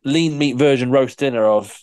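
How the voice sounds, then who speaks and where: A man chats in casual podcast banter, eager and teasing as he eggs his co-host on. His delivery is quick to get excited. The sound is dry and close. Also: mid-range voice, clear, resonant tone, dry recording.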